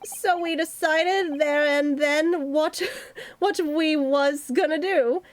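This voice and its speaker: Gal doing a brash crook guy, slangy and cocky, slow and high. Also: fairly even intonation, a little hiss or hum. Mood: swaggering. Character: rough cockney male thief, swaggering.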